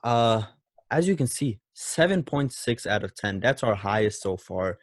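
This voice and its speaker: Lowish-voiced guy chatting on a podcast, laughs a lot, dead dry sound. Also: animated, measured pace, no room sound. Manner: laughs often, quotes film lines in shifting voices. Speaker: podcast co-host. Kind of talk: casual podcast chat.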